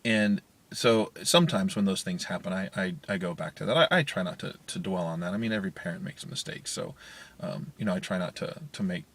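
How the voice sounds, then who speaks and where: A deep-voiced, fairly bright-toned man in his thirties speaks briskly to camera from his parked car in a parking garage. The vlogger and parent is candid and casual, restarting often and using fillers, captured on a handheld media player's built-in mic.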